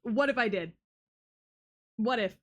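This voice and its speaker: A woman's voice: on the high side, animated, slow. A young woman streaming live, chatting casually with her audience, swearing often and shrieking when thrilled. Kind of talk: casual livestream chat.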